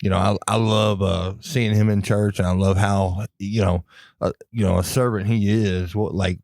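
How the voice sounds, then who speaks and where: A man's voice: lowish voice, level tone, moderate pace, darkish tone, no echo, clean studio sound. A man hosting a podcast in casual chat, asking easygoing questions full of fillers. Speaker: podcast host.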